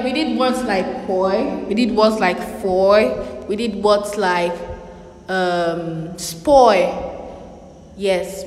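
A woman teaching young children a spelling and reading lesson, spelling words out letter by letter and repeating them. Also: mid-range voice. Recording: echoey room with long reverb.

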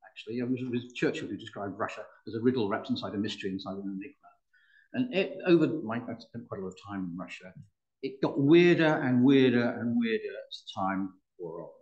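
An older man from the United Kingdom giving a public lecture, with dry humor and frequent restarts. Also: mid-range voice. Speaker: guest speaker. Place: public hall. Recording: roomy hall.

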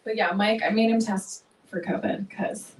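A woman's voice: mid-range voice, level tone, moderate pace, darkish tone, distant mic. A woman singer-songwriter chatting and joking with the audience between songs at a small live venue, laughing often. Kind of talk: stage banter between songs. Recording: echoey room recording from afar.

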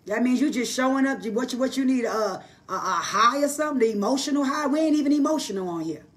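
Woman, hoarse voice, livestream sermon, emphatic folksy preaching, call-and-response asides. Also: high voice, animated, quick pace, far from the mic. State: hoarse, losing her voice. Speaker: Bible teacher. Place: live online broadcast.

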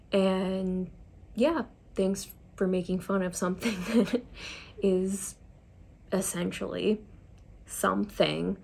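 A young woman tells a personal story while getting ready. Her voice has a gravelly fry to it, and she talks in a chatty, confiding way, often poking fun at herself. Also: medium pitch, darkish tone. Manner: chatty, confiding, self-deprecating. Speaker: vlogger.

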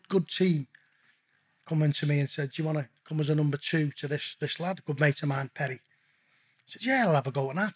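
Appearing as a podcast guest, a middle-aged man tells stories bluntly and casually in a husky, fairly high, fairly bright voice. Swearing comes nearly every sentence, and he repeatedly addresses the host as "mate."

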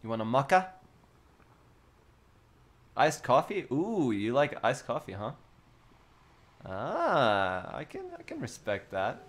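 Slow, lively Australian man chatting. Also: medium pitch. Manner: playful, giggly and teasing. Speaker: livestream host. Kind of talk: casual livestream chat with viewers.

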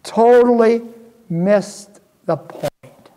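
A male pastor preaching slowly and earnestly, his fairly high voice carried by a long church reverb. He leans on rhetorical questions to draw the congregation in. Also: warm tone. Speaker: guest pastor. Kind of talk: sermon. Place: church sanctuary.

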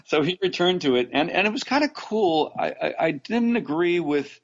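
A man's voice: fairly high pitch, lively intonation, moderate pace, muffled recording. A man from Los Angeles, an actor being interviewed, telling long stories with many restarts and fillers and frequent laughs. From Los Angeles, USA. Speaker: actor, podcast guest. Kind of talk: casual interview storytelling.

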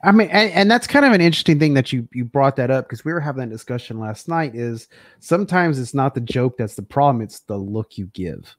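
Man chiming in with quick quips. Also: mid-range voice, lively intonation, no room sound, clean studio sound. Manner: chimes in with short reactions and quips. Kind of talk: casual chat.

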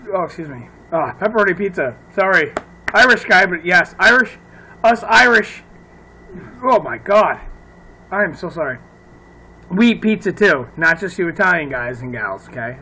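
A man's voice: a little high, bright, forceful tone, low-quality recording. Swearing man ranting on his vlog. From upstate New York. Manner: ranting, swearing, laughs at himself. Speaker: vlogger.

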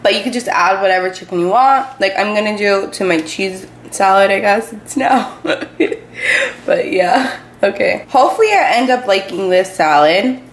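A woman's voice: mid-range voice, animated, moderate pace, slight background noise. A young woman in her twenties vlogging casually at home, talking through her lunch prep in a chatty, rambling way. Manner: chatty, rambling, explains as she goes. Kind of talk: casual kitchen chat.

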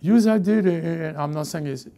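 A man preaching a lively sermon as pastor, often repeating himself and acting out what people say. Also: a little high, normal speed. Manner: animated, repeats words, acts out characters. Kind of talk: lively sermon with acted-out voices.

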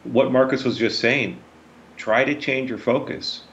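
A man co-hosting a podcast about recovery, calmly picking up on what the others said. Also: medium pitch, unhurried, muffled recording. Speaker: podcast co-host. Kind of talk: casual recovery talk.

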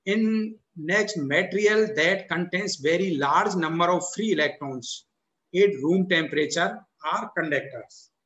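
A man with an Indian English accent giving a university lecture, halting and repetitive, often restarting with "so the" and "or we can say". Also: sits high, a bit bright, reverberant, lo-fi sound. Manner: halting, repeats itself, frequent "so the" and "or we can say" restarts. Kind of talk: recorded classroom lecture.

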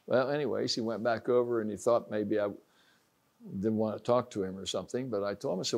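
A man's voice: lowish voice, steady tone, brisk, vocal fry. An older man from Ohio preaching an informal sermon, folksy, telling stories and acting out the voices he quotes.

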